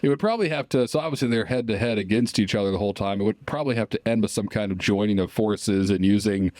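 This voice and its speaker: A man's voice: lowish voice, fast talker, darkish tone, no echo. A man co-hosting a comedy podcast, riffing loosely on movie ideas and laughing often. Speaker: podcast co-host. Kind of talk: casual comedic brainstorming chat.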